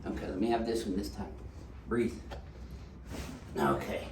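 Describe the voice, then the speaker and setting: A man's voice: lowish voice, animated, measured pace. A man, a chiropractor joking and giving instructions to a patient while he treats her. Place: treatment room in a clinic. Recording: roomy clinic room, mic at a distance, background noise.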